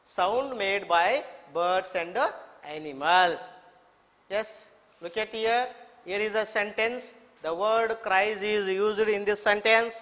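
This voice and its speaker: Slow, high-voiced teacher spelling words aloud. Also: male voice, a bit bright. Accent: Indian English. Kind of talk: online English lesson for children. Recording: echoey room reverb.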